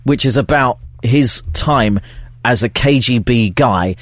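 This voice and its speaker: A man's voice: medium pitch, takes it slowly, fairly bright tone, no room sound. A man co-hosting a sports podcast, chatting with dry, teasing banter. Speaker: podcast co-host. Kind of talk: casual chat.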